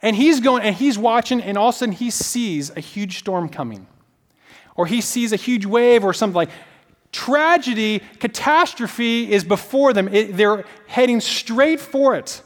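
A man's voice: high-pitched, moderate pace. A man preaching a sermon, telling stories animatedly with lots of casual fillers. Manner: animated storytelling with many fillers. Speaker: pastor. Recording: long reverb of a large hall.

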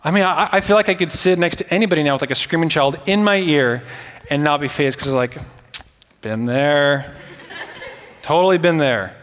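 Man, pastor, high voice, chatty joking sermon, long hall reverb. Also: normal speed, a bit bright, slight background noise. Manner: conversational, joking preaching with many fillers.

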